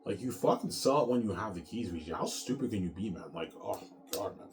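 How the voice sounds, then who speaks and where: Low-voiced man ranting casually. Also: expressive, fairly quick, heavy background noise. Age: 30s. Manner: rambling and profane, ends phrases with "man"; repeats words and restarts often. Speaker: author vlogger. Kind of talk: casual rant to camera.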